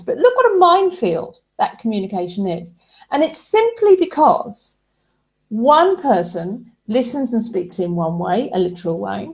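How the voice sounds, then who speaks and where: Woman, relationship coach, mid-pitched voice, explanatory advice talk, everyday examples. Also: a little mellow.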